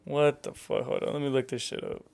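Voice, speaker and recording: A man's voice: medium pitch, steady tone, a little fast, vocal fry, a little mellow. A man co-hosting a podcast, talking in a laid-back way with swearing and reading texts aloud. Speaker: podcast co-host. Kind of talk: casual chat.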